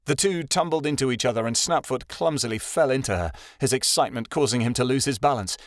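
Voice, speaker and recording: A man narrates a fantasy audiobook in a steady, even storytelling read. His voice sits at a middling pitch for a man. The recording is dry and close, with no room around it. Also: fast, no room sound.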